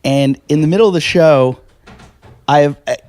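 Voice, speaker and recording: A man's voice: a little high, moderate pace. A man, a stand-up comedian, telling stories in casual chat and acting out the people he quotes. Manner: animated, acts out quoted voices.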